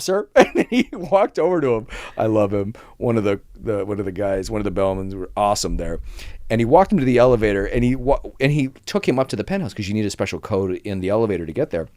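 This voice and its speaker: A man on a podcast, talking fast and telling stories in an animated way, with his pitch jumping up and down as he acts out the people in them. His voice sits a little low, and the recording is dry and close, with no room sound. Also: no room sound. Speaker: podcast host. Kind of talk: casual storytelling chat.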